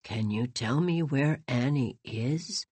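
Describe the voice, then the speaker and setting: A woman narrator voicing a heartbroken old man who mumbles slowly and wistfully. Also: husky, no room sound, exaggerated voice. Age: older. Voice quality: low, soft, mumbling.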